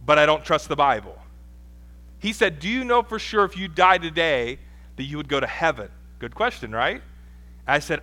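A man's voice: fairly high pitch, lively intonation, normal speed, long pauses, bright, forceful tone. A man in his thirties preaching a sermon in a casual, conversational way, with personal stories and asides. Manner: conversational, self-deprecating preaching with asides and laughs. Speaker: pastor.

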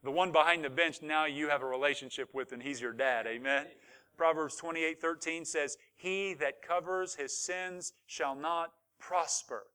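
A man's voice: on the high side, sharp tone. A man pastor preaching a sermon with rising fervor, asking the congregation for responses.

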